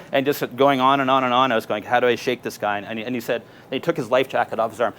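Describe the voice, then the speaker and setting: A man's voice: mid-range voice, fast talker, fairly bright tone, slight background noise. A middle-aged Canadian man giving a casual talk to an audience, telling stories with lots of fillers. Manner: casual storytelling with many fillers. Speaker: presenter. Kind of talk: live talk with slides. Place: marina event space with audience.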